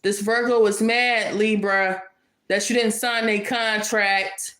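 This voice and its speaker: A woman reads tarot with fiery confrontation, as a rush of points she keeps returning to, though her delivery is slow. Her voice is mid-range, a bit bright and fairly even, with roomy echo around it.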